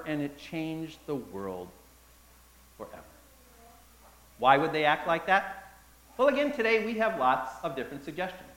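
A man preaching a sermon, dramatic and animated, with emphatic pauses and repetition, addressing the congregation as folks. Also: high-pitched. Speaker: pastor. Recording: echoey room.

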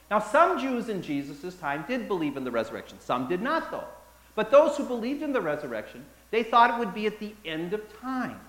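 Animated pastor with a bright voice. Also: male voice, fairly high pitch. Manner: dramatic, animated, with emphatic pauses and repetition; addresses the listeners as "folks". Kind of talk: sermon. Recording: echoey room.

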